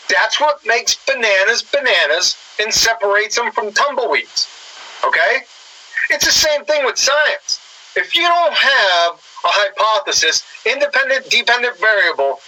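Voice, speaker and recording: A man's voice: high voice, sharp tone, low-quality recording. A man giving a sarcastic, lecturing commentary that mocks his targets.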